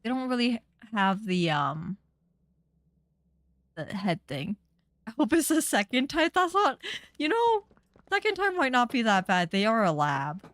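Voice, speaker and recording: A woman's voice: on the high side, sing-song, unhurried, a bit bright, no room sound. Young woman, game streamer, chatty, indignant, rambling, dry close mic. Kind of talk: casual gaming commentary.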